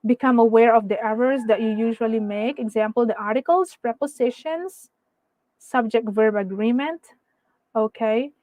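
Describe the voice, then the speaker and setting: Woman webinar tutor, slightly high voice, dry sound, patient and explanatory, peppers lines with "right?". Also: normal speed, darkish tone, no room sound. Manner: tags sentences with "okay?" and "right?"; patient, explanatory teaching tone with frequent fillers. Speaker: IELTS speaking trainer. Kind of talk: online webinar lecture.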